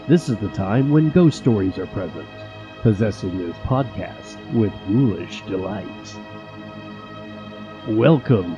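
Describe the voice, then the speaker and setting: A man putting on a slow, creepy ghost-host voice. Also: lo-fi sound. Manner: slow, low, drawn-out spooky delivery. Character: spooky male ghost-host announcer, creepy and theatrical. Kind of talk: theatrical spooky intro.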